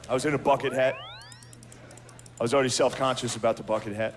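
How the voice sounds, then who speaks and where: A man's voice: mid-range voice, fairly even intonation, quick pace. A man doing a stand-up comedy routine, telling profane, self-deprecating stories. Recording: clear background noise.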